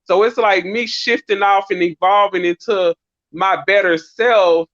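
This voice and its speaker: A woman's voice: medium pitch, fairly even intonation, measured pace, dry recording. A middle-aged woman on a live-stream panel. She talks in a reflective, earnest way with long winding turns. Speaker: panel guest. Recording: dull, dry lo-fi stream audio.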